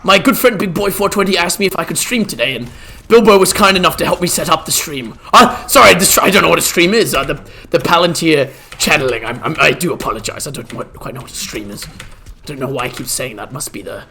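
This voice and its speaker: A man's voice: on the high side, fairly quick, sharp tone, slight background noise. A man voicing a polite, flustered old wizard while streaming a game, stammering and speaking in formal old-fashioned phrases.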